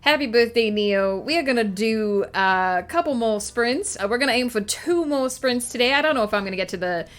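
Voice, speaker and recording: Brisk and animated, barely pausing, the same streamer and writer keeps up her playful, hammy old-movie Southern accent with plenty of fillers as she chats on her live stream. Her pitch sits on the high side, close to her everyday voice.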